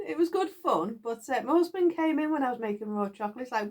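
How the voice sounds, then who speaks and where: Chatty giggly British woman, lively pitch. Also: fairly quick. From United Kingdom. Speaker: knitting vlogger. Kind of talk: casual chat to viewers. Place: garden shed.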